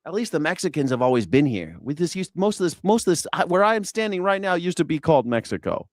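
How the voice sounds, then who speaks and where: A man's voice: a little high, big pitch swings, fast, dry recording, clean studio sound. A man hosting a news reaction stream, talking casually and sarcastically over clips, swearing freely.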